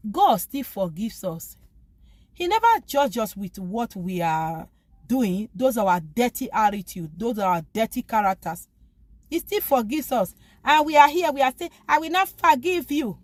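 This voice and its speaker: A woman's voice: fairly high pitch, no echo. A woman giving an informal spoken talk urging forgiveness, pleading and emphatic, often repeating phrases. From lives abroad, from back home elsewhere. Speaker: faith vlogger.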